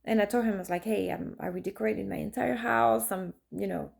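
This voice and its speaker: Brisk and creaky, this medium-pitched female voice belongs to an artist and vlogger in her thirties. She casually chats through personal stories in a monologue packed with fillers and restarts.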